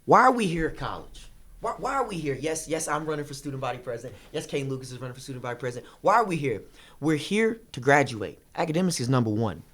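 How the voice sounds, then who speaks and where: Young man, student candidate, impassioned, repeats himself, rushes along, debate answer. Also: mid-range voice, animated, a bit bright. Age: young adult. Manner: impassioned, repeats phrases for emphasis; rapid, rushing delivery.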